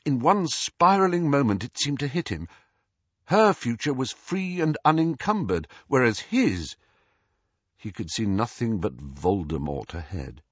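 A man reading an audiobook as narrator, in a measured storytelling way. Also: medium pitch, sing-song, husky, no room sound. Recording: dull, slightly muffled dry audio.

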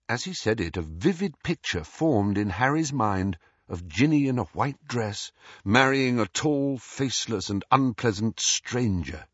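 A man reading an audiobook as narrator, in a measured storytelling way. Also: medium pitch, expressive, slightly rough, no echo. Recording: dull, slightly muffled dry audio.

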